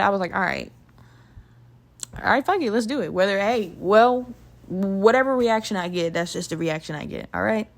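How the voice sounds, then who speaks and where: A woman hosting a podcast, telling a personal story in a candid, casual way, swearing freely and using lots of fillers. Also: medium pitch. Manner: candid, profane, chatty with frequent fillers. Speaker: podcast host.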